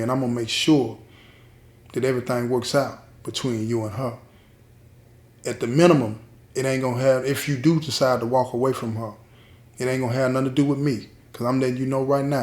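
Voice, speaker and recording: A man's voice: medium pitch, fairly even intonation, a little fast, a little mellow, lightly acted. A man voicing an older male prison gang leader who gives blunt, fatherly street advice. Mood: firm advice. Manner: blunt street talk, commanding. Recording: roomy echo.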